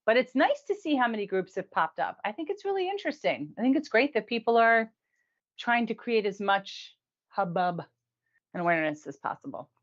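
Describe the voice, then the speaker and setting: A woman hosting a casual weekly review show. She talks in a chatty way, laughs often and drops in quick asides. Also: fairly high pitch, big pitch swings, highs cut off. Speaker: host.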